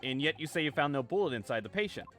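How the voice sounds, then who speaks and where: Brief: hesitant male doctor witness in a mystery game, rambling and bright-toned, read by a man. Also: on the high side, expressive, fast talker, faint music behind. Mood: musing. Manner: hesitant, full of uhs.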